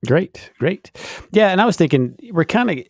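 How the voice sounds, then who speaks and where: A man's voice: high-pitched, sing-song, moderate pace, darkish tone, breathy edge, no echo, studio quality. A middle-aged man co-hosting a casual faith podcast, explaining at length with many fillers. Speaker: podcast co-host.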